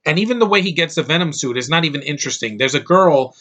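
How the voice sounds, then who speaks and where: An irritated man tears into a film in a rambling, profanity-laced rant. His voice is bright and forceful and sits a little high for a man. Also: lively intonation, fast talker. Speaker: movie reviewer. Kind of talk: ranting movie review.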